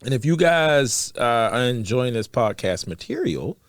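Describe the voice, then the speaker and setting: A man in his forties hosts a casual chat podcast on a studio mic in a small studio, lively and rambling with frequent laughter. His voice is medium-pitched at a moderate pace, with no echo.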